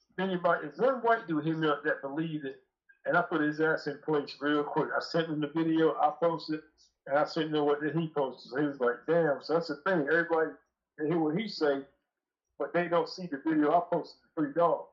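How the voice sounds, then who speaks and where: A man's voice: fairly high pitch, dull audio. A man calling in as a guest, telling a rambling story in casual, profane talk, sounding aggrieved. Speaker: call-in guest. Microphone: phone call.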